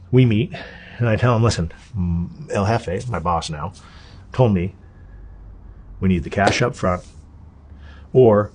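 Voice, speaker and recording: Husky man telling a wild story. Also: on the low side. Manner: animated, profane storytelling, voices others in quotes. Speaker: interview guest. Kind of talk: storytelling in a casual interview.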